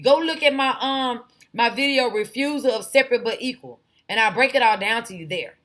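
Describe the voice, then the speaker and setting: A woman hosts a casual livestream and talks straight to her chat. Her voice is bright and cutting and sits somewhat high. She speaks bluntly and wanders off on tangents. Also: a little fast. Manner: rambling, tangent-prone, blunt. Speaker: livestream host.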